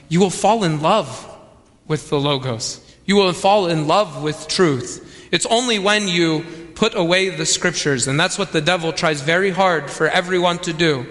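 A man's voice: high-pitched, fairly bright tone. A man preaching a sermon, emphatic and repeating key phrases for weight. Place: church. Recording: long reverb of a church hall.

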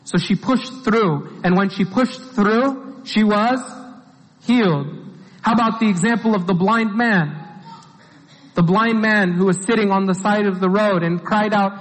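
Earnest and steady, a high-voiced man delivers an informal sermon, unhurriedly asking his listeners one question after another. A long hall reverb trails each phrase he speaks.

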